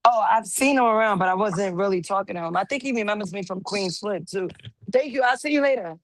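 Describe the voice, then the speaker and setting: A woman with a slightly hoarse voice chats on a call-in panel, telling stories and teasing the others in a playful way. Her voice sits at an ordinary pitch and sounds dry and close to the mic. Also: lively intonation, quick pace, no room sound. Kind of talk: casual chat.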